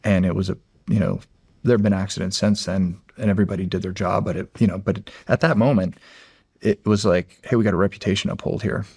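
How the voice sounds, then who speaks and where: Man, middle-aged, gravelly husky voice, lowish pitch, halting casual storytelling, dry close sound. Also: fairly even intonation, a little mellow, no room sound. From United States. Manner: halting, with many restarts and fillers. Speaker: guest, former Navy SEAL.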